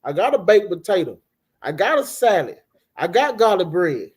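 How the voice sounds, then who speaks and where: A middle-aged man co-hosting a casual chat, telling animated, profane stories and acting out the people he quotes. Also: high voice, moderate pace, husky. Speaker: co-host.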